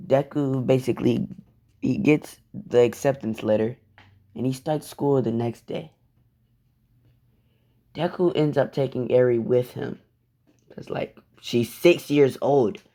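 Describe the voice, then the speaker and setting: A man's voice: medium pitch, warm tone. Brief: casual male storyteller, rambling, profane, laid-back delivery. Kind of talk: casual fan-fiction storytelling.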